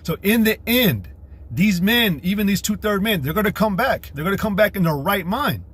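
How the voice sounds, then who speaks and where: A man's voice: high-pitched, expressive, moderate pace, a bit bright, husky. A man preaching a profane, combative livestream sermon, repeating himself and mocking women in put-on voices. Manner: mocks women in a mimicking voice. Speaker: street preacher.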